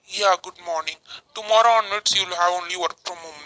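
A woman's voice: on the low side, a little fast, bright, forceful tone, rough recording. A woman who voices a worker in a homemade cartoon, reading her lines plainly. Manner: plain, simple line reading.

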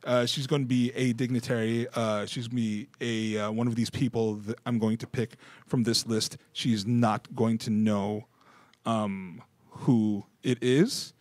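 Male podcast host, middle pitch, halting and filler-heavy, dry sound. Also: little pitch movement, a little mellow, dry recording. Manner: hesitant, lots of fillers. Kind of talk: casual group chat, running a game.

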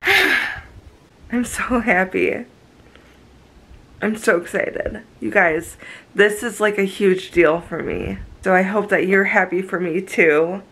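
Giggly young woman with a gravelly voice. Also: mid-range voice, unhurried, fairly bright tone, low-quality recording. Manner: gushing, giggly. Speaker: vlogger. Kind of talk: casual vlog talk.

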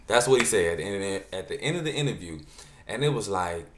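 Man, reaction vlog, low voice, incredulous, joking, roomy echo. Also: expressive, moderate pace. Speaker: vlogger. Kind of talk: reaction commentary.

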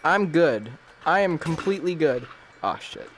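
Gamer man, high and swooping voice, panicky swearing, slow delivery, reacting to a VR game. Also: expressive, a bit bright, a little hiss or hum. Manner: jumpy and panicky, swearing constantly. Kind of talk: reacting while playing a VR game.

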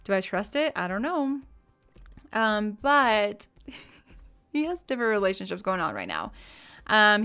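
A woman's voice: mid-range voice, fairly bright tone, clear, resonant tone. A woman streamer chatting casually over her game, giggling often and greeting viewers by name. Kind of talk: live game stream chat.

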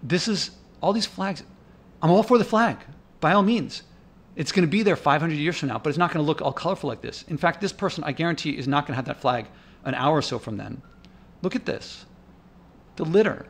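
A man's voice: on the high side, expressive, fairly quick. A man talking over his own footage in an indignant, rambling way, thinking aloud with restarts and getting worked up. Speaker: vlogger. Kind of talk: casual narrated commentary over park footage.

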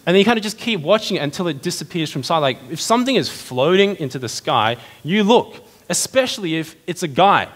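A man preaching a sermon as pastor, in a lively, conversational way full of rhetorical questions. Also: high voice. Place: church hall. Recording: long reverb of a church hall.

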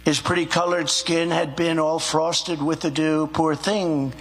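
An older man giving a political speech, reciting a poem in a slow, emphatic, theatrical way. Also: on the high side, flat delivery, a bit bright, poor audio. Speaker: political speaker.

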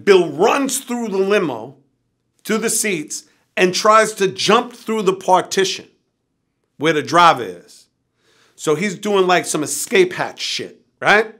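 A man's voice: high-pitched, fairly bright tone. A middle-aged man telling a wild story as an interview guest, acting out quotes and swearing freely. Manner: vivid anecdote with acted-out quotes and swearing. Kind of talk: animated storytelling.

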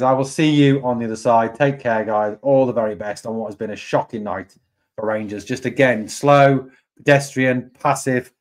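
A man hosting a live fan stream, reacting to a match result. He sounds angry and deflated, repeats himself and swears a lot. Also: medium pitch. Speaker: fan channel host.

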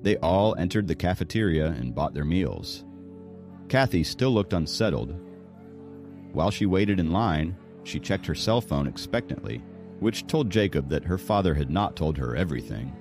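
A man narrating an audiobook with expressive storytelling. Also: sits low, normal speed, music in the background. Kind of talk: scripted narration.

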